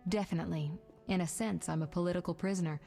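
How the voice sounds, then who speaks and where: A poised sorceress speaks dryly and ironically in a mellow, slightly low voice. Soft game music runs beneath her lines. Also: fairly even intonation, quick pace, creaky. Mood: ironic. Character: cool, ironic female sorceress, aloof. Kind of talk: video game dialogue.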